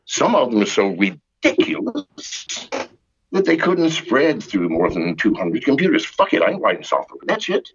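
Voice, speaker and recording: A man's voice: on the low side, huge pitch swings, normal speed, a little hiss or hum. An older man as a podcast guest, ranting in a profane, exasperated way with sarcastic jokes over a muffled remote line. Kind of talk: ranting call-in interview.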